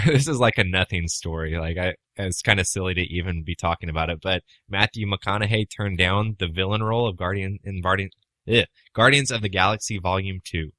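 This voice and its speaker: A man with a low, forceful voice co-hosts a podcast in casual chat. He argues his side, teases his friend and swears freely. The sound is close and dry. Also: moderate pace, no echo. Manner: argumentative, teasing, swears freely. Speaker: podcast co-host.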